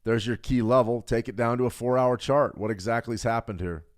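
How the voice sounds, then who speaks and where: A middle-aged man hosting a live trading stream, talking fast and joking with viewers while he reads the chat. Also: medium pitch. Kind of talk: live market analysis, reading chat.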